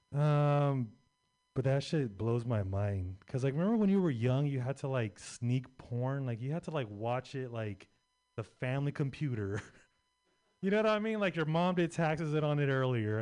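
A man's voice: mid-range voice, a little mellow. A young adult man doing a stand-up set, rambling and crude with lots of filler words. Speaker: stand-up comedian.

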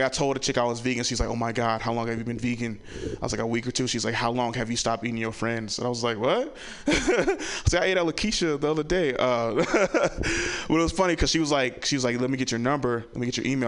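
A man performing a stand-up comedy set, telling loose stories and slipping into the voices of the people in them. He speaks at a middle pitch for a man, and the delivery stays casual and chatty. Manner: loose storytelling, acts out family voices.

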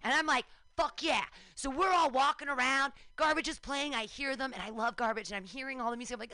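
A woman in her forties telling a lively personal story on a radio talk show, acting out her own shouts and cheers. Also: sits high, fairly quick, few pauses, no echo.

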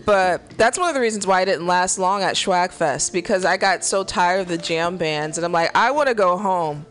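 A woman co-hosting a radio talk show, talking bluntly and quickly in casual chat and laughing often. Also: lowish voice.

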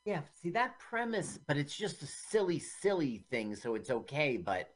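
A podcast co-host in casual chat about a film, making thoughtful, measured remarks. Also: mid-range voice, big pitch swings.

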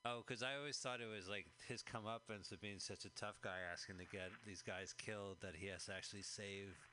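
Picture a man in easy, rambling conversation with a friend while a movie plays. His voice is bright and clear, and his talk is loose and jokey, full of quick asides and goofy put-on voices. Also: fairly low pitch, steady tone, a little hiss or hum. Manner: jokey, slips into silly impressions. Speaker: podcast co-host. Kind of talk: casual movie commentary chat.

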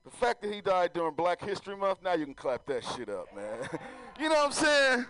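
A man's voice: sits high, very animated, brisk, low-quality recording. A man doing a stand-up comedy set, loose and swearing, talking straight to the crowd.

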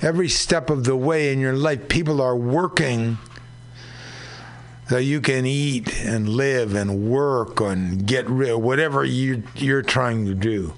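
A man hosting a community radio show, talking slowly and conversationally about labor news. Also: medium pitch. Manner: slow, unhurried, conversational. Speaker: radio host.

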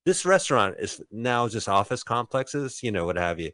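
Male podcast host, rambling and jokey, lively intonation, dry close mic. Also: mid-range voice, moderate pace, no room sound. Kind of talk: casual comedic commentary.

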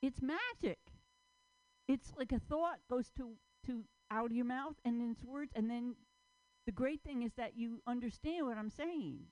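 A woman's voice: fairly high pitch, moderate pace, darkish tone, no echo, rough recording. A woman doing stand-up at an open mic, musing aloud in a rambling way. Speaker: stand-up comedian and emcee.

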